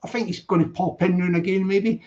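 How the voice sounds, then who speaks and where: A man's voice: sits high, fairly even intonation, fast talker, darkish tone. A man hosting a casual live stream, rambling and repeating cheerful greetings to viewers. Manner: chatty, rambling, repeats greetings in sing-song. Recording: dull lo-fi stream audio.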